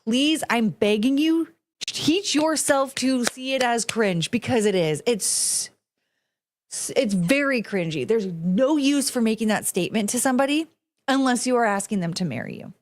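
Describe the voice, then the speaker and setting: A woman's voice: on the high side, lively intonation, normal speed, a little hiss or hum. A young woman hosting her own solo podcast, ranting bluntly and sarcastically, swearing freely and laughing as she goes. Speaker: podcast host. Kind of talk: solo casual chat, ranting to a camera.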